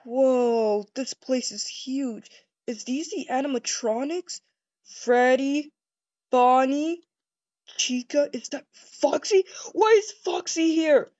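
An excitable, easily startled woman rambles through a first-person game role-play, tripping over restarts in a slow, unhurried delivery. Her voice sits fairly high. The sound is dry and dull, like a lo-fi home recording. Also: dry recording.

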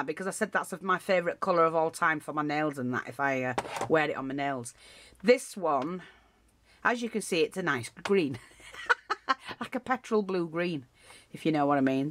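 A woman's voice: low voice, slight background noise. A woman giving a casual, rambling craft tutorial, full of asides and restarts.

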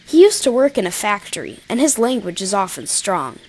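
A woman's voice: mid-range voice, very animated, a little fast, darkish tone. A woman voicing a cheerful young male engine, talking in an eager, chatty way.

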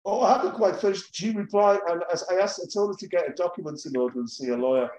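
A man's voice: high-pitched, fast talker, darkish tone, echoey room, lo-fi sound. A man at an open mic reading a satirical advice letter aloud in a dry storytelling manner.

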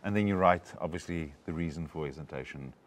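A man's voice: extremely low pitch, brisk. A man coaching a student through an acting lesson, explaining each step carefully.

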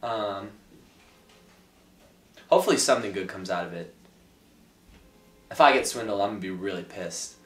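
A young man talks casually to the camera in his apartment, his low-leaning voice at normal speed with frequent pauses. He's hesitant and self-mocking, rambling with lots of fillers, and the room has a roomy echo and faint background noise.

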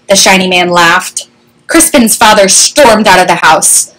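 A woman reading a children's story aloud with an animated, expressive delivery, recorded on a webcam. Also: medium pitch, unhurried, a little hiss or hum, rough recording.

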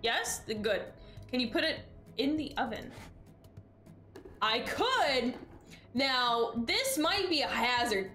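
A woman's voice: high voice, sing-song, slow, long pauses, sharp tone, faint music behind. A woman streaming a game in casual chat, exasperated and sarcastic, swearing freely. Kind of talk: casual live-stream chat while gaming.

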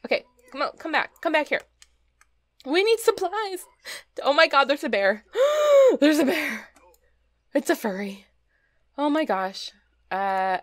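A young woman casually commenting on her gameplay, chatty and easily delighted, laughing often. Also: medium pitch. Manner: chatty, giggly, exclaims at small things. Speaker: let's play host.

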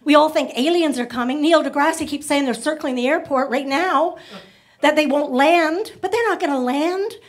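A woman with a high voice works a stand-up set before a live audience, chatting along and jumping into little voiced asides. She talks straight at the crowd from a handheld mic on a club stage. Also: moderate pace. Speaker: stand-up comedian.

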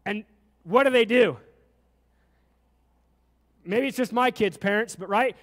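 A man with a very high voice preaches to his congregation. His sermon builds with fervent questions, and long reverb trails off the sanctuary walls. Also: a little slow, long pauses, fairly bright tone. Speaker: pastor. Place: church sanctuary.

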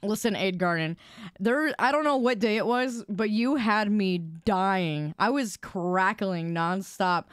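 A woman streamer chatting casually with her viewers, loud and expressive, quick to protest and tease. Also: medium pitch, clear, resonant tone, dry recording, studio quality.

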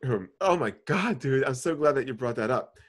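A man hosting a casual podcast, telling a profane, animated story and calling people bro. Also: mid-range voice, moderate pace. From New York. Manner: animated storytelling, swears a lot, says bro. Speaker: podcast host.

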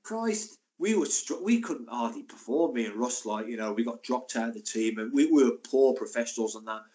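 A man in his sixties recounts his playing days in a loose, chatty manner. His voice sits at an average pitch and he tells anecdotes with animated energy. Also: fairly quick. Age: 60s. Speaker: former footballer guest. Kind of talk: casual interview storytelling.

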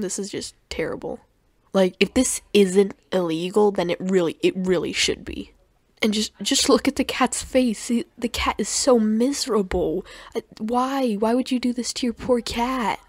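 Sarcastic young woman reacting to clips, mid-pitched, dry close recording. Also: normal speed, no room sound. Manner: sarcastic, mocking, stumbles over words. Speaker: commentary youtuber.

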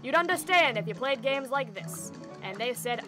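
A woman's voice: fairly high pitch, expressive, normal speed, few pauses, music in the background. A woman streaming live gameplay, ranting theatrically and in mock exasperation to her chat.

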